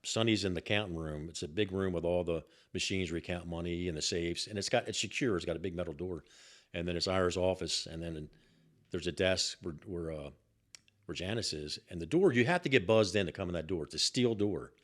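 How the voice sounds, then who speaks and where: An older man telling a story on a podcast in an animated, profane way and repeating himself as he goes. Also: low voice, brisk. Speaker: guest, host's father.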